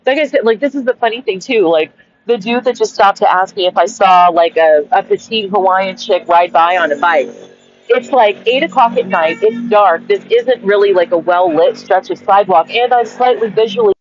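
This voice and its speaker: A woman in her forties venting on a dark sidewalk at night, angry, swearing constantly and repeating herself. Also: medium pitch, normal speed, lo-fi sound. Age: 40s. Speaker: vlogger. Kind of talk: rambling outdoor vent. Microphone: wireless headphones.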